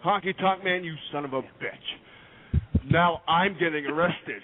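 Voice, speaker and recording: A man doing a loud, ranting impression of a famous wrestler over a phone line. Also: a little high, a little slow. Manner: loud, ranting, shouting insults. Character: caller doing a loud Ric Flair impression.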